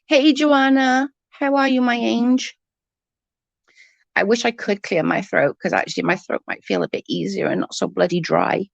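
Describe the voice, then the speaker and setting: A woman talks casually on a livestream, answering viewers and venting bluntly, with some swearing. Her voice is husky and hoarse from a cold, with a gravelly, creaky edge. She is recorded close up in a dry, dead-sounding space. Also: medium pitch, normal speed, pauses often, no room sound, highs cut off. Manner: blunt, swears freely, vents about double standards. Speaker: livestream host. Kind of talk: casual live chat reading comments.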